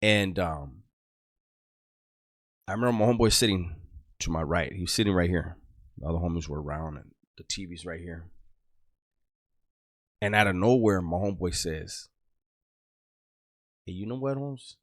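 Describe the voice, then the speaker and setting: A middle-aged man with a very low voice tells a story from his past, loose and rambling, full of street slang and swearing. The sound is dry and close, with no room around it. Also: moderate pace, long pauses, no echo. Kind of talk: casual storytelling.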